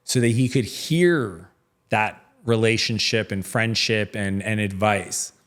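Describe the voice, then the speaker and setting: A man's voice: fairly low pitch, takes it slowly. Chatty middle-aged man telling stories. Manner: chatty storytelling, many fillers, acts out quoted dialogue. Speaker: interview guest, entrepreneur. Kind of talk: casual interview conversation.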